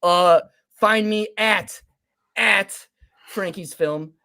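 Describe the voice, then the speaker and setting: A young man co-hosting a casual sports podcast, his voice sitting a bit high for a man. He gets animated and loud when he makes a point, throwing in swearing and quick asides. The delivery stays loose and conversational throughout. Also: clean tone. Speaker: podcast co-host.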